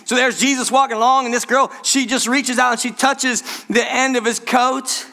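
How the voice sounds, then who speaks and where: A man's voice: very high voice, normal speed, sharp tone. A man preaching a sermon, speaking emphatically and calling out to the congregation. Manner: emphatic, repeatedly addresses the congregation. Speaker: pastor.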